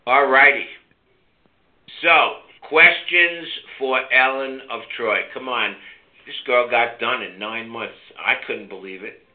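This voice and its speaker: A man's voice: medium pitch, slow. Casting: older male call-in host, brash and teasing, tinny narrow phone sound. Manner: brash, teasing, coaxing listeners. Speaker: host of a call-in health show. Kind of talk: casual call-in talk.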